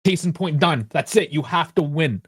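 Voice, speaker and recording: A man's voice: fairly high pitch, animated, moderate pace, husky, dry recording, studio quality. A man co-hosting a sports podcast, asking pointed questions and speaking bluntly with profanity. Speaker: podcast co-host. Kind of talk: casual sports podcast chat.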